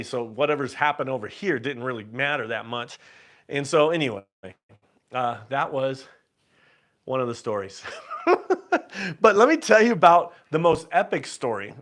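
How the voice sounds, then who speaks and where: A man hosting a live stream, telling a story casually and animatedly, with many restarts and laughs, acting out his own quoted lines louder and higher. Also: animated, normal speed. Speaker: host.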